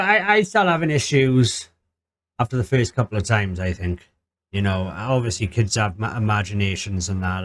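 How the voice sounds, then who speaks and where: A man casually reacting to a scary story, rambling and hesitant. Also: fairly low pitch. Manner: rambling, hesitant, repeats "I suppose". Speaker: reaction channel host.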